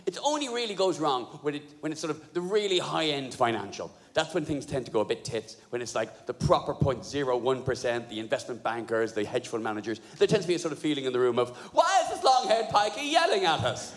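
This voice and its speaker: A man doing a stand-up comedy set, sweary and animated, laughing at his own jokes. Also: mid-range voice, fast talker, hardly any pauses. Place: live comedy venue. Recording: live venue, roomy hall echo, crowd noise.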